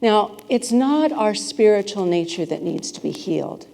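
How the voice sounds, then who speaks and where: Woman, minister, conversational sermon, playful, questions to congregation, mellow voice, long hall reverb. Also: mid-range voice, animated, normal speed, creaky, a little hiss or hum. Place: spiritual center sanctuary with a congregation.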